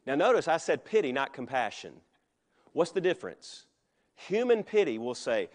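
A man's voice: a little high, very animated, moderate pace. A middle-aged male pastor preaching a sermon in a conversational way, with joking asides.

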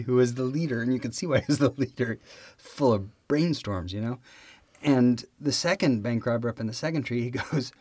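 Male podcast host, giggly storyteller, dry close mic, mid pitch. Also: breathy edge, dry recording. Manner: giggling, joke-telling. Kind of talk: casual chat and test prep.

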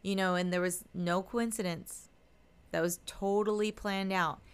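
A middle-aged woman co-hosting a spiritual podcast as a medium, telling a personal story in animated fashion and acting out the voices of the people in it. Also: medium pitch, unhurried, clear, resonant tone. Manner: animated storyteller, acts out quotes. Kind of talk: casual spiritual podcast chat.

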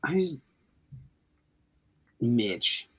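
A man co-hosting a podcast in casual chat, reacting with drawn-out groans. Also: medium pitch, sing-song, fairly bright tone, breathy edge. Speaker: podcast co-host.

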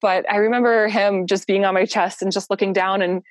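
A woman's voice: medium pitch, fairly even intonation, a little fast, a little hiss or hum. A young woman telling her own birth story in a casual, heartfelt way, laughing often and using lots of fillers.

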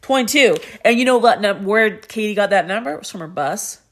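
A woman's voice: medium pitch, brisk. A woman co-hosting a podcast, chatting casually and animatedly as she retells a story, swearing freely and slipping into the voices of the people in it. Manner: animated, swears freely, acts out quoted characters. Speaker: podcast co-host.

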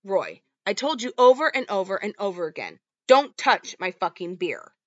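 A woman voicing a man, an abusive and cursing boyfriend, reading his lines out with yelling. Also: medium pitch, big pitch swings, moderate pace, no echo, highs cut off, close to an everyday voice. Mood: arguing. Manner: yelling, cursing, read-out quotes. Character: abusive, foul-mouthed man, the mother's boyfriend.

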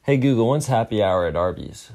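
A man's voice: on the low side, sing-song, fairly quick, gravelly, a little mellow. Chatty young man hosting a morning show. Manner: rambling, upbeat, self-deprecating asides. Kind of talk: casual solo podcast talk.

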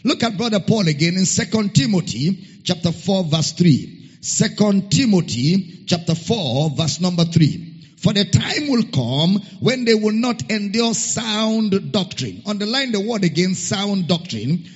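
A man preaching a sermon, reading scripture slowly and emphatically and repeating key phrases. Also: high-pitched, expressive, husky. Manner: spells out a Greek word letter by letter. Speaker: pastor. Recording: muffled sound with long hall reverb.

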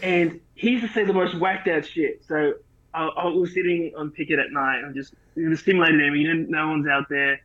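A man's voice: on the high side, steady tone, fairly quick. Laid-back Australian man on a dull mic. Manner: laid-back, profane, rambling. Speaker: podcast co-host. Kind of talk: casual chat.

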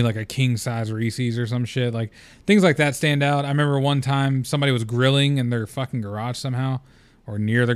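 Recorded dry with a clean tone, this medium-pitched young podcast host talks alone in a rambling, open way, packing his speech with fillers and offhand cursing.

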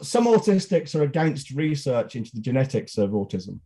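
A man's voice: mid-range voice, sing-song, normal speed, warm tone. A middle-aged man, co-hosting a podcast in blunt, outspoken, sweary casual chat. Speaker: podcast co-host.

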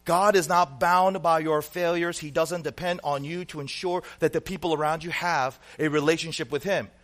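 A man delivers an earnest sermon in a slightly high voice. He leans on rhetorical questions and swings from forceful, loud emphasis to hushed, low asides. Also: fairly even intonation, moderate pace. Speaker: pastor.

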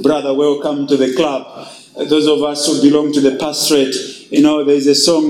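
A man's voice: fairly high pitch, flat delivery, moderate pace, a little mellow, roomy sound, poor audio. A male pastor preaching emphatically and reading scripture in a sermon.

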